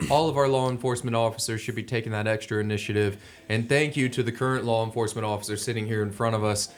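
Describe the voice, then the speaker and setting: A man hosting a casual radio talk show, upbeat and thanking his guests in quick lists. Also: on the low side, fairly even intonation. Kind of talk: casual radio chat and sign-off.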